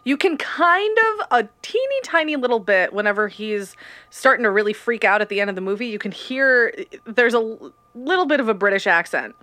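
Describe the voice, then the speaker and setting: A woman's voice: a little high, lively intonation, brisk, sharp tone, dry recording. A woman co-hosting a casual podcast chat, chatty and digressive, with emphatic asides. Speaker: podcast co-host.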